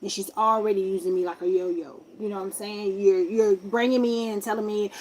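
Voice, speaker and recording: A young woman casually telling a personal story, acting out other people's voices with big jumps in pitch. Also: steady tone, brisk, a little mellow, slight background noise. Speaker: vlogger telling a life story.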